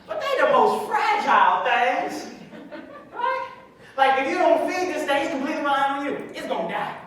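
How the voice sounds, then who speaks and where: A man telling a story in a sermon, animated and calling to the crowd. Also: extremely high pitch, moderate pace. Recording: echoey hall from far off.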